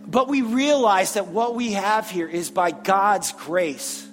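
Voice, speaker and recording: High-voiced earnest male pastor in a hall. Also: faint music behind. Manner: earnest, repeats phrases, preacherly pauses. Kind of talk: sermon. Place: church sanctuary.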